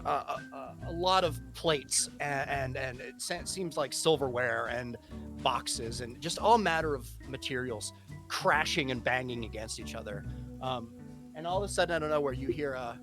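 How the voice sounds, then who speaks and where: A man narrating as game master of a tabletop game, halting and full of fillers and restarts. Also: medium pitch, a bit bright, faint music behind.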